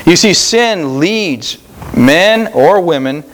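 A man's voice: on the high side, lively intonation, slow pace. A man preaching an earnest sermon at a church service, rising for emphasis and repeating his phrases. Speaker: pastor.

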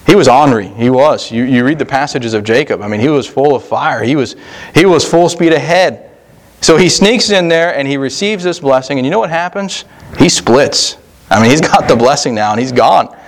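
A male pastor preaching a sermon in a folksy, conversational way, slowing down to stress key words. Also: medium pitch, expressive.

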